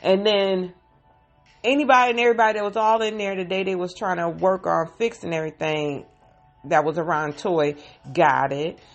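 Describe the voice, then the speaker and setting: A woman's voice: lowish voice, steady tone, moderate pace, faint music behind. A woman casually recapping a TV episode into a phone, with sighs and heartfelt emotion. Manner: emotional, sighing, heartfelt retelling.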